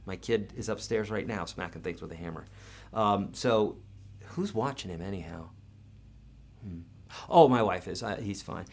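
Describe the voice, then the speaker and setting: A man's voice: on the low side, normal speed, long pauses. A man teaching guitar in a live online lesson, talking casually and encouragingly with everyday comparisons.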